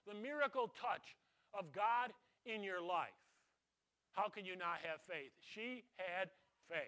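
A man preaching a sermon as a pastor, retelling a story with dramatic swings from loud to hushed. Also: high voice, measured pace.

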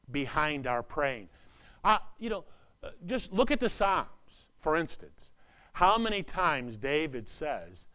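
A man preaching a sermon in an earnest, repetitive way, swinging between loud urgent lines and hushed asides. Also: a little high. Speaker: pastor.

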